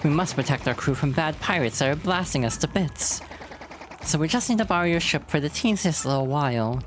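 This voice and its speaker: A woman's voice: sits low, expressive, fairly quick, a little hiss or hum, pitched above the performer's own voice. Woman doing a showy, vain dandy sailor. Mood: wheedling. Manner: raised, showy, wheedling delivery. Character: flamboyant smooth-talking young male sailor, vain. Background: game music.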